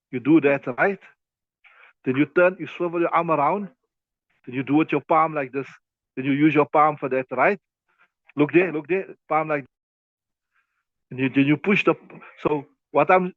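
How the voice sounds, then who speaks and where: A teacher of Islamic law gives a lesson on a classical text, his fairly high voice recorded dry and tinny, like phone audio. He repeats himself often and walks listeners through hand movements as he demonstrates, in a class that is also streamed online.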